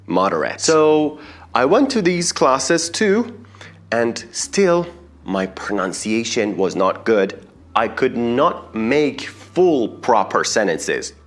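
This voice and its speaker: A man's voice: medium pitch, sing-song, slow pace. A young man whose first language is Persian, an English teacher earnestly telling students how he learned the language. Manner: earnest, explanatory, addresses viewers directly.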